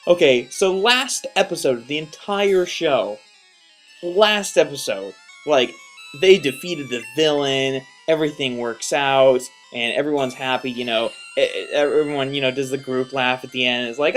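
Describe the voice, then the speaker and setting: A man's voice: fairly high pitch, animated, moderate pace, soft background music. A young man hosting a let's play, rambling casually and exasperated, with lots of restarts. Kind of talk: casual gameplay commentary.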